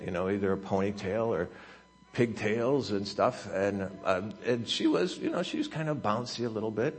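A man preaching a sermon as a pastor, telling a story in a halting way with many restarts and fillers. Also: lowish voice. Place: church sanctuary.

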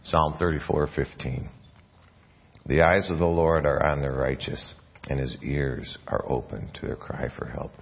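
A man's voice: a bass voice, fairly even intonation, a little slow, vocal fry, dull audio. A man preaching a sermon as a pastor, earnest, often restarting and repeating words mid-phrase. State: coughing, something in his mouth. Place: church.

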